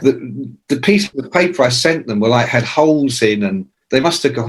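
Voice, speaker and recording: A man in his sixties, a rock journalist telling profane, lively anecdotes as a podcast guest. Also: medium pitch, moderate pace. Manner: lively, profane, acts out quoted voices. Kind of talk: anecdotal storytelling in a podcast interview.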